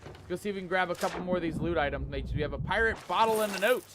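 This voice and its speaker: This is live gameplay commentary from a man playing a pirate game, reading chat out loud and tossing around playful pirate slang. He's high-pitched and rapid-fire, with music running beneath him.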